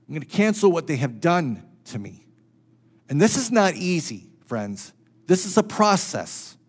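Storytelling male pastor, fairly high voice. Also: big pitch swings, a little slow, husky. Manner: personal storytelling, swings between loud and hushed; repeats phrases for emphasis. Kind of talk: sermon.

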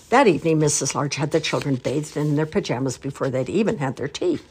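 An older woman reading a children's storybook aloud, warm and expressive. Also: low voice, a little fast, hardly any pauses.

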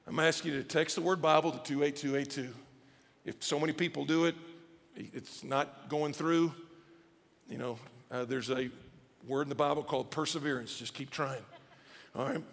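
A male pastor preaching a sermon in a conversational, animated way with casual asides, speaking. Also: on the high side, normal speed, gravelly, long pauses. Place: church auditorium. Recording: long church hall reverb with faint music.

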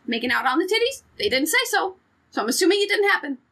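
A woman with a high, bright voice co-hosts a casual podcast chat. She is frank, swears freely and keeps joking. Her pitch swings widely as she talks. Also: sing-song, fast talker. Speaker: podcast co-host.

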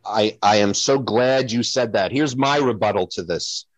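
A man hosting a podcast who talks in a playful, animated way while making his points. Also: on the low side, moderate pace, dry recording, rough recording. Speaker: host. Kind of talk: casual podcast chat.

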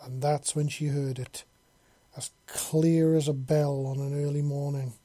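Audio story narrator, flat delivery, husky, mellow tone, dry close recording. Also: medium pitch, unhurried, no room sound. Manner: flat, steady delivery with coarse words.

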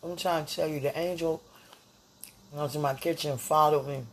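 A podcast host speaking aloud to God and a loved one in an emotional, pleading personal monologue, drifting from soft murmurs to loud declarations. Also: mid-range voice, steady tone, a little fast, a little hiss or hum.

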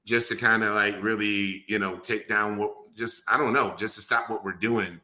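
A man's voice: lowish voice, steady tone, normal speed, pushed and bright. A man hosting a casual podcast chat, laid-back and laughing easily, with casual swearing. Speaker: podcast host.

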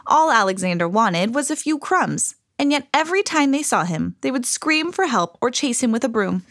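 A woman reading a children's storybook aloud in an expressive, animated way. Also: fairly high pitch, moderate pace, no echo, studio quality.

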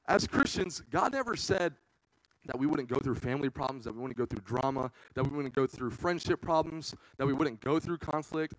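A young man leads a youth service with a relaxed, slang-filled sermon. He tells stories with lots of energy and bursts into loud acted-out lines. His voice sits a little high and sounds close and dry. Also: no room sound, poor audio. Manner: animated, slangy storyteller, acts out quotes loudly. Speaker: youth pastor. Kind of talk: casual youth sermon with storytelling. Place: church.

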